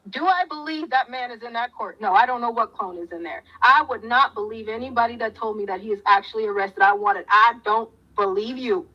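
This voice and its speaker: A woman's voice: fairly high pitch, fast talker, hardly any pauses. Fiery Southern woman preaching to viewers. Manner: fiery, preachy, repetitive questions. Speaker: commentator. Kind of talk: impassioned talk to viewers. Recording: muffled lo-fi audio.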